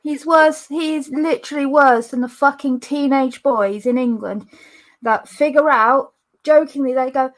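A woman's voice: high voice, measured pace. A young woman guest in a casual podcast chat who sounds sarcastic and swears.

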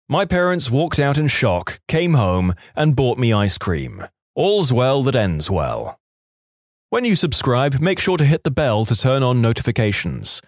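Reading online reddit posts aloud, a male story-channel host slips in wry comments along the way. He has a mid-range voice, and the audio is studio-clean with no echo.

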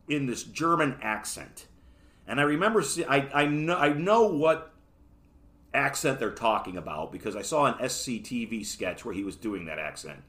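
Man, solo podcast host, casual rambling talk, middle pitch. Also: pushed and bright. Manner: casual, rambling, joking asides. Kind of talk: solo podcast book review.

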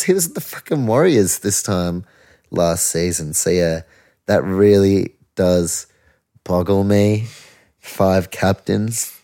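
A man's voice: sits low, measured pace, mellow. A young man, hosting a casual sports podcast, ranting and swearing in disbelief. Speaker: podcast host.

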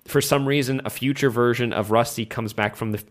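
A young man co-hosting a podcast, retelling scenes in an animated, rambling way and jumping into quick voices. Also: medium pitch. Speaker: podcast co-host. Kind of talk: casual chat.

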